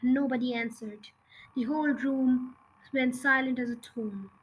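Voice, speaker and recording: A woman's voice: high-pitched, fairly even intonation, a little slow, breathy edge, poor audio. A woman reading a children's novel aloud chapter by chapter, with occasional slips and restarts, then chatting briefly to her listeners. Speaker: audiobook reader.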